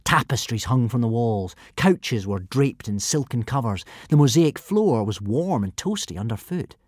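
Animated male storybook narrator. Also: mid-range voice, moderate pace, slightly rough, no room sound, clean studio sound. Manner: expressive, animated reading. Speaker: audiobook narrator.

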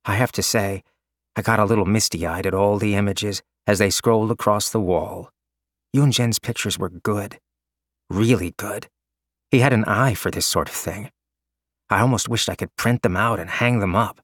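A man's voice: fairly low pitch, moderate pace, no room sound, clean studio sound. A man reading a story aloud in a casual, wry narrating voice. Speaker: audiobook narrator. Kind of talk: scripted narration.

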